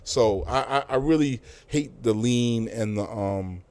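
A man's voice: medium pitch, unhurried, a little mellow. A middle-aged man, telling loose, profane stories as a guest in a casual interview, with many fillers and restarts. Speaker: music industry guest.

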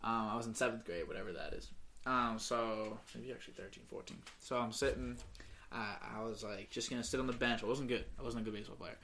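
Fast-talking bright young man. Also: on the low side, slight background noise. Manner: rambling, animated storyteller, many fillers. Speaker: podcast host. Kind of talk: casual chat, storytelling.

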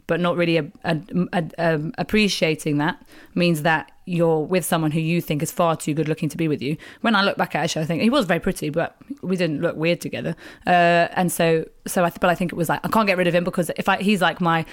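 A woman's voice: on the low side, quick pace. A woman comedian in her thirties as an interview guest, chatting candidly and acting out quoted voices as she tells stories. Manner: animated storyteller, acts out quoted voices.

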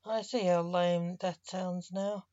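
A woman's voice: fairly low pitch, fairly even intonation, slow, mellow, dull audio. A woman reading the part of a cocky male necromancer who speaks defiantly. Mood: smug.

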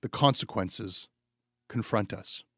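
A man's voice: on the low side, takes it slowly, a bit bright, dry recording, clean studio sound, voice pushed down, heavily acted. A man voicing a grandiose, romantic male monarchist orator in a swelling, theatrical recital.

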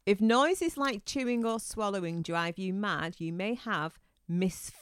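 A woman's voice: mid-range voice, a little slow, clear, resonant tone. A woman co-hosting a podcast in casual chat, teasing and laughing often. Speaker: podcast co-host.

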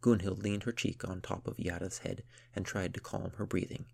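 A man giving steady, measured scripted audiobook narration. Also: low-pitched, vocal fry. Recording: rain and thunder sound effects. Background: rain and thunder.

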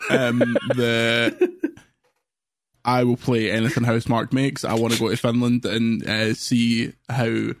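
A man hosting a casual gaming podcast, chatting with co-hosts and reading out news stories with quick jokes and asides. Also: mid-range voice, little pitch movement, slight background noise. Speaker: podcast host.

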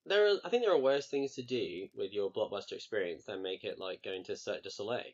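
Low-voiced, dryly wry man. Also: expressive, fast talker, muffled recording. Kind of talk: casual chat.

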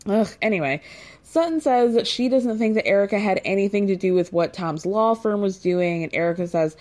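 Brief: woman host, casual recap, sarcastic and blunt, voice jumps high when incredulous. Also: moderate pace. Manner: sarcastic, blunt, swears freely; animated, rising to incredulous highs.

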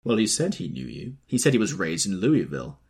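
A man's voice: deep voice, big pitch swings, brisk, a little mellow, slightly rough, full character voice. A man voicing a cool, wry young sportswoman in an audiobook reading, with dry, matter-of-fact telling.

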